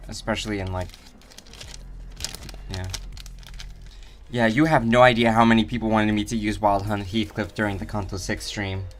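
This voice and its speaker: A man's voice: fairly low pitch, fairly even intonation, moderate pace, pauses often, slight background noise. A man casually chatting on his game live stream, unsure of himself and answering viewer questions from chat. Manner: rambling, unsure, reads chat aloud.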